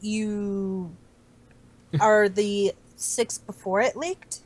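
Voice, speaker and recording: A woman's voice: mid-range voice, steady tone, very slow, a little mellow, poor audio. A woman in casual podcast chat, teasing and dry.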